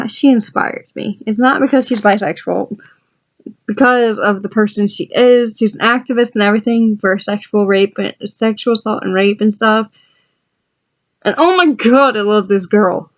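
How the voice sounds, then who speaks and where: A woman's voice: medium pitch, normal speed, muffled recording. A woman vlogger chatting casually and with enthusiasm as she flips through her journal, adding asides to her viewers. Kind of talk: casual rambling chat.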